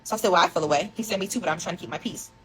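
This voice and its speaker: A young vlogger tells a confessional storytime, rambling and emotional as she reads out old text messages. Her lowish voice goes very fast, and the recording is low quality.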